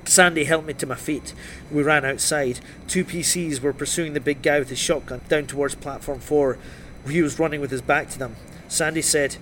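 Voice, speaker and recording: Man, audiobook narrator, crime thriller, fairly high voice, dry and wry, faint street noise behind. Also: a bit bright. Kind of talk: first-person crime novel narration.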